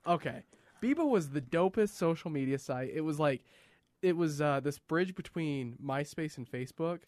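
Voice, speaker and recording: A man's voice: a little high, animated, moderate pace, darkish tone, no echo. A man in his thirties co-hosting a podcast, chatting enthusiastically with plenty of fillers. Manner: chatty and enthusiastic, lots of likes. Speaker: podcast co-host. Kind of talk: casual podcast chat. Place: studio.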